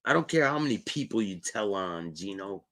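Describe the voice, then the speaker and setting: A man's voice: fairly low pitch, expressive, normal speed, fairly bright tone. A man hosting his own show, heckling and mocking a clip as it plays. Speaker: show host. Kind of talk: reacting to a played clip.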